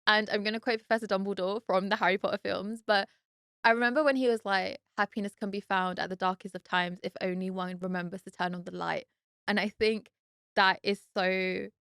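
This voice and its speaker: Smooth-voiced young British woman. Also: fairly low pitch, fairly bright tone, no echo, studio quality. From United Kingdom. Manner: chatty and heartfelt, lots of "like" fillers. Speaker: podcast host. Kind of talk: casual solo podcast talk.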